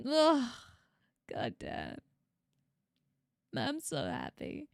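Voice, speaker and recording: A woman's voice: sits high, huge pitch swings, very slow, creaky, no room sound, studio quality. A woman VTuber streaming a casual reaction, emotional, laughing often and swearing freely.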